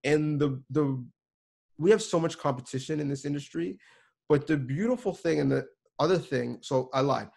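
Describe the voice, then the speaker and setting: Earnest gravelly-voiced man giving advice. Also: fairly high pitch, moderate pace, darkish tone. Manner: earnest, emphatic, many restarts. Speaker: sports reporter and producer, guest. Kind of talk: conversational advice to students.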